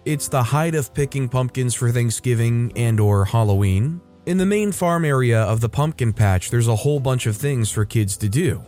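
A man narrates a story with a mellow, warm voice and lively delivery. Soft music plays faintly behind him. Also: mid-range voice, moderate pace, few pauses. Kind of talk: scripted narration of reader stories.

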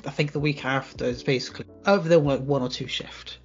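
A young man co-hosting a casual chat podcast, talking about work in a relaxed, hesitant way with many ums. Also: mid-range voice, fast talker, dull audio, faint music behind. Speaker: podcast co-host.

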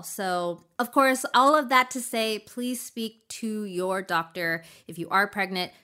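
Bright-voiced woman hosting a podcast. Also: medium pitch. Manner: giggly, stumbles over long words. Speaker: podcast host. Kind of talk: casual beauty podcast chat.

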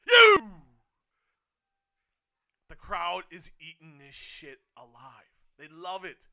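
A man giving excited live wrestling commentary, swinging from hushed muttering to sudden shouts, swearing and laughing often. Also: high voice, slow, gravelly. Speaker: co-host of a wrestling watch-along.

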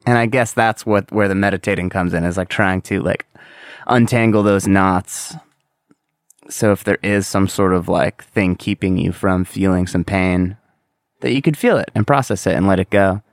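Young guy rambling on his own podcast, swears a bit, smooth voice, dry mic. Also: sits low, normal speed, dry recording. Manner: candid, rambling, swears casually. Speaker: podcast host. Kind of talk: casual solo podcast monologue.

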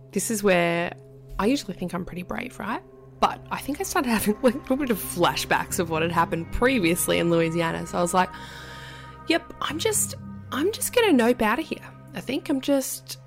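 A woman, a podcast guest telling a story in a casual, animated way and dropping to a whisper at the creepy parts. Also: fairly low pitch, vocal fry.

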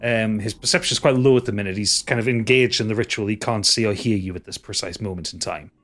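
A man's voice: on the low side, quick pace, a bit bright. A man narrating as game master of a tabletop game, often stumbling and repeating words.

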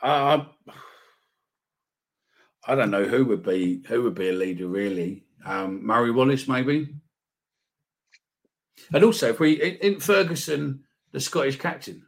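A middle-aged man chatting about football, hesitant and halting, often repeating himself. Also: mid-range voice, expressive. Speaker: football podcast co-host. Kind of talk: casual fan chat.

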